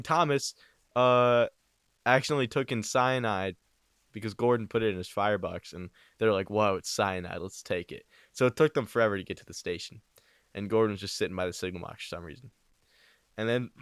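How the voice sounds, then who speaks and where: A young man narrating a crude, improvised parody story into a home microphone, rambling and swearing with deadpan asides. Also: on the low side, clean tone, no echo. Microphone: new home microphone.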